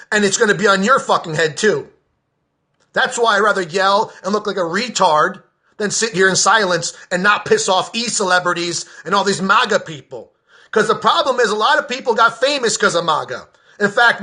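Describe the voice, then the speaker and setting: A man delivering a furious political rant to camera, with a high, forceful voice that keeps breaking into shouts. His talk is blunt and profane, and he hammers his points as a podcaster addressing his own audience.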